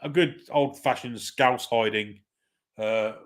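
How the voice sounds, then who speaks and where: A man hosting a live football watchalong, calling the play in a relaxed, wry way and chatting with viewers. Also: medium pitch, slow. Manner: laid-back, chatty, wry. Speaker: watchalong host. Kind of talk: casual live match commentary, reading chat.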